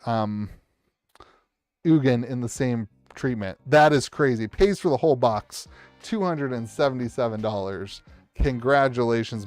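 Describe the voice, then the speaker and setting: At a table in his home streaming setup, a man opens card packs for live-stream viewers, cheering and shouting to hype up big pulls. He's excitable and rambling, restarting sentences often. His voice is medium-pitched and the recording is dry.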